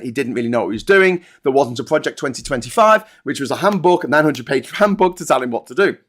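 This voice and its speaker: A man's voice: mid-range voice, fairly bright tone. A man, hosting a casual live-stream chat, ranting and joking with lots of swearing. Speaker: host.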